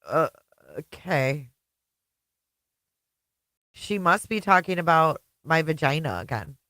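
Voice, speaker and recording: A woman's voice: low voice, lively intonation, takes it slowly, bright, forceful tone, no room sound. A woman hosting a reaction commentary, talking sarcastically and laughing often. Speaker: commentary channel host.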